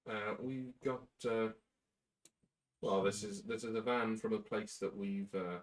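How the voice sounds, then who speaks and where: A man's voice: fairly low pitch, steady tone, a little slow. A man playing a tabletop game, chatting in a laid-back way. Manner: laid-back, chatty, uses British slang. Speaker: player. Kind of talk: casual tabletop play.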